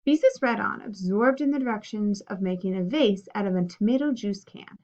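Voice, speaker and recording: A woman reading a children's story aloud in an expressive, animated way. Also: medium pitch, a little fast. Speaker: reader. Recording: dull lo-fi recording.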